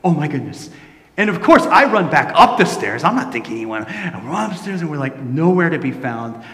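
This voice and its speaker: A middle-aged man delivers a sermon from the pulpit, acting out the voices in his stories. He drops to a quiet, hushed tone when he turns reflective. His voice rings through a large hall with a long, roomy reverb. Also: a little high, fairly quick. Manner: animated storytelling, acting out quoted voices. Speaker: pastor.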